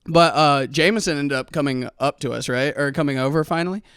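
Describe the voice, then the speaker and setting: This young man co-hosts a podcast, and his smooth, fairly high voice moves a little fast over clean studio audio with no room sound. Recounting a story in relaxed conversation, he animatedly performs the quoted voices of its characters.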